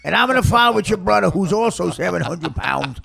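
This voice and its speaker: An exasperated, blustering middle-aged father voiced by a man rants at the top of his lungs. The voice sits high and gravelly. He rambles from one complaint to the next in a loud, indignant tone. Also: lively intonation, brisk, exaggerated voice.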